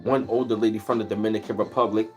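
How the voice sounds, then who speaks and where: A man's voice: lowish voice, steady tone, fast talker, darkish tone, soft background music. A man hosting a casual livestream, telling rambling, easygoing stories and greeting viewers in between. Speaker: livestream host. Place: at home, where he lives in Maryland.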